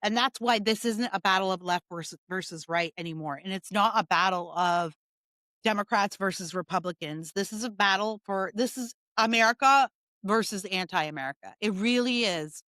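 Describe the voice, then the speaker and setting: Woman, political commentary, emphatic, sarcastic, mid-pitched, dry close sound. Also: normal speed, pushed and bright, dry recording. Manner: emphatic, repeats points, sarcastic. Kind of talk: opinion monologue.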